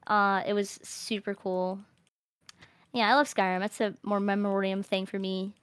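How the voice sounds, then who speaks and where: A young woman streamer chatting casually in a rambling, animated way, laughing often. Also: mid-range voice, moderate pace, smooth, no room sound. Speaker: streamer host. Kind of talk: casual chat.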